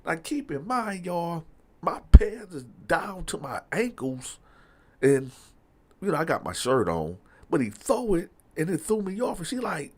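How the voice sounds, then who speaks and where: A man spinning a casual storytime tale, his pitch swinging up and down as he gets worked up. He talks straight to his listeners and keeps the story rolling with fillers. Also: a little slow. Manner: animated, talks straight to the audience, lots of fillers. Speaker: storyteller host.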